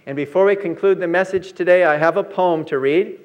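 High-voiced preacher man telling a story. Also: dull audio. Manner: storytelling preacher, slow emphatic lines. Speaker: pastor. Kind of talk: sermon.

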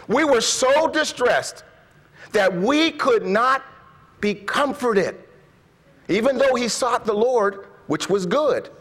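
High-voiced preacher, impassioned. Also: male voice, big-room sound. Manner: impassioned, slows and drops to a hush when reading scripture. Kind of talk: sermon.

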